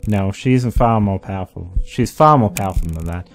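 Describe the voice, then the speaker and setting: A man voicing an eerie young boy, reading game dialogue aloud in a soft, earnest, raised voice. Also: sits low, normal speed, creaky, soft background music.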